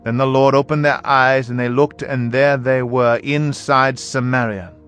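A man reads scripture aloud at a measured, even pace. His voice sits at an ordinary middle pitch for a man. Soft music plays quietly behind him. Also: clear, resonant tone. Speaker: Bible reader. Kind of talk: scripture reading. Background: faint background music.

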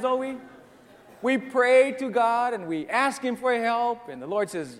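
Earnest preacher in a reverberant hall. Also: male voice, extremely high pitch, measured pace. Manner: earnest, storytelling preacher, rising to emphatic peaks. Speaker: pastor. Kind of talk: sermon.

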